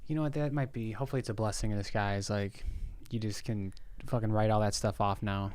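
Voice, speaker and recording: A man's voice: lowish voice, fairly even intonation, a little fast, darkish tone, clean tone, no echo. Wry young man joking on a podcast. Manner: wry, jokey, musing asides. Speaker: podcast co-host. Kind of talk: casual chat.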